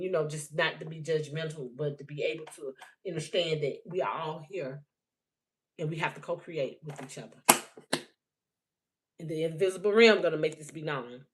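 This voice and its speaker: A woman's voice: medium pitch, fairly bright tone, low-quality recording. A woman giving a livestream spiritual message, emphatic and repetitive, blunt and often profane, speaking into a phone.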